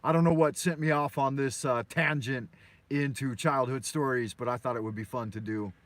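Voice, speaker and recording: A man's voice: mid-range voice, fairly even intonation, normal speed, fairly bright tone. An American man from Los Angeles hosting a live morning show from his car, telling stories in a loose, profane, meandering way. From Los Angeles, USA. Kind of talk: rambling live-stream storytelling.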